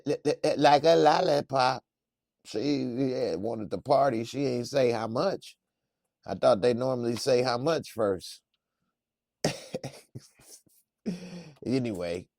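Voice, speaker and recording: A man casually reacting to a TV episode in slangy, laid-back talk with lots of laughter and animated retelling. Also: medium pitch, vocal fry, no echo, clean studio sound. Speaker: reviewer.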